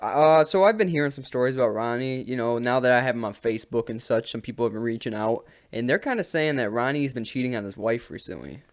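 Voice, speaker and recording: A man's voice: mid-range voice, fast talker, few pauses. A man co-hosting a podcast, teasing a guest with mock-serious questions in casual comedy chat. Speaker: podcast co-host.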